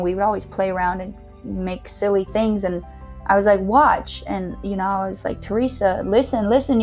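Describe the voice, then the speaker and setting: A woman telling a personal story about losing a friend, in a halting, emotional way with many fillers. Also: medium pitch, darkish tone. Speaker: storyteller sharing a personal loss. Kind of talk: casual spoken recollection.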